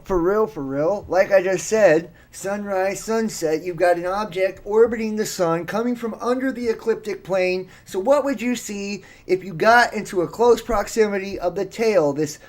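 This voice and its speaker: A man commenting on viral videos with dramatic, mocking conspiracy talk about an approaching planet. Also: sits high. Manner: dramatic, mocking, slow and emphatic. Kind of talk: conspiracy commentary over clips.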